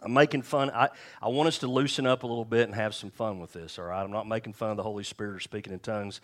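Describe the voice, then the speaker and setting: A middle-aged man preaches in a church with a low-pitched voice. His delivery is relaxed and joking, and he keeps turning to the congregation with questions. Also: fast talker. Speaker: pastor. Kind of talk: sermon. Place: church sanctuary.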